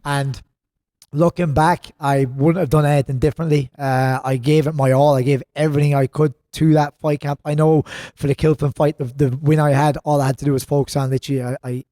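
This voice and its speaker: A man's voice: on the high side, level tone, a little fast, dark tone, no room sound. An Irish man in his thirties, a gym co-owner chatting as a podcast guest, telling rambling stories. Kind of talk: casual podcast chat.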